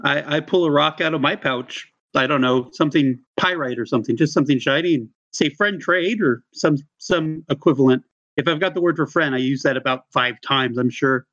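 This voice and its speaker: A man's voice: mid-range voice, a little fast, fairly bright tone, muffled recording. A man playing in a tabletop game, talking eagerly and rambling with lots of "like". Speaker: player. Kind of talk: casual tabletop role-play.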